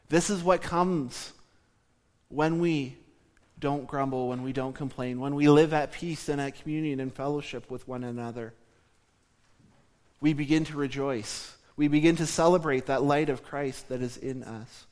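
A man from southern Ontario delivers a sermon in a measured, explanatory way. His voice sits a little high for a man, and he slows down to press home his main points. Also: fairly even intonation, a little mellow. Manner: measured teaching tone, slowing for emphasis. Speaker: preacher.

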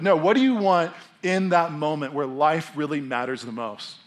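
A man in his thirties preaches with animated energy. His voice sits a little high for a man, and he slips into character voices as he tells a story. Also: a little fast, hardly any pauses. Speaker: pastor. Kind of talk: sermon.

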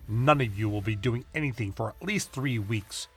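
A man doing a brisk, firm doctor. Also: fairly low pitch, a bit bright, faint music behind, natural voice. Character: brisk, caring male doctor.

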